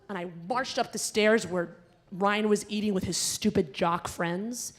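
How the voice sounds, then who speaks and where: A woman's voice: mid-range voice, measured pace. Woman emcee telling a comic story on stage. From Southern United States. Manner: animated storyteller, loud acted-out outbursts in quoted lines. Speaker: gala emcee and comedian. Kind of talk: storytelling stand-up set. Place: large performing arts hall at a gala dinner.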